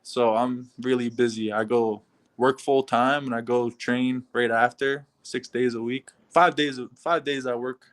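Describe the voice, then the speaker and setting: A man's voice: mid-range voice, steady tone, measured pace. Laid-back young man. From Canada. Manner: easygoing, laid-back, with frequent soft laughs. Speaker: fighter being interviewed. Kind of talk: casual interview answers.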